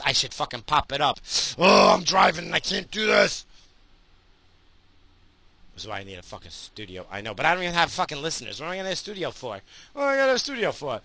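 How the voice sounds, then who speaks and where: Middle-aged guy cussing up a storm in his car, kinda high sharp voice, dry sound. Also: vocal fry, no room sound. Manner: crude, heated and sweary, with frequent restarts. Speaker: solo podcaster. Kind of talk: profane ranting monologue. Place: in a car while driving.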